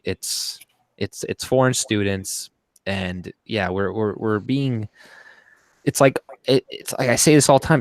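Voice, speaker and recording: A man's voice: fairly low pitch, dry recording. A man in a casual political chat, laid back and profane, laughing as he talks.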